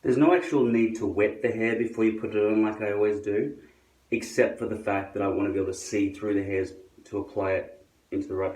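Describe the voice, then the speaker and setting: Demonstrating how he attaches a hairpiece, a man addresses his viewers with grumbling, sardonic remarks and lots of swearing in a casual to-camera tutorial. His voice is fairly low and a little mellow, captured from a distance in an echoey room.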